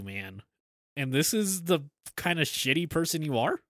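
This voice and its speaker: A man chatting casually on a podcast about a movie, his phrases trailing off softly. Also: a little high, lively intonation, measured pace, dry recording, studio quality. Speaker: podcast guest.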